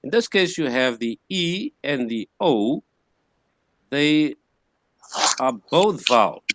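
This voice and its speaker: A man teaching a language class, patiently repeating words slowly to model their pronunciation. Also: medium pitch, sing-song, fairly bright tone, no room sound, studio quality. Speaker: Greek teacher. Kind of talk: classroom lecture.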